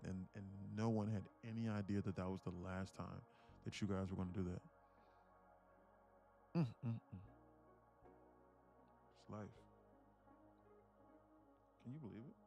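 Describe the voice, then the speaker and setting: A man with a fairly low voice hosts a casual live stream, chatting straight to his viewers. He talks in a reflective, personal way. Soft music plays quietly behind him. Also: fairly even intonation, moderate pace, creaky. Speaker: live-streaming day trader host.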